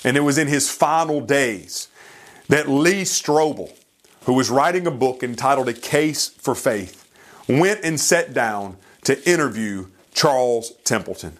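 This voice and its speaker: An earnest male preacher who speaks slowly and deliberately. He tells a story and pleads with his listeners in a voice of middling pitch. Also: lively intonation. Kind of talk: sermon.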